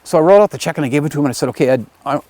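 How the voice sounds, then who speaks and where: A man's voice: a little high, rapid-fire, no echo. A man teaching a video class, telling a conversational story and acting out other people's lines as he goes. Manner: conversational, lively retelling with acted quotes. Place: his home area in the countryside.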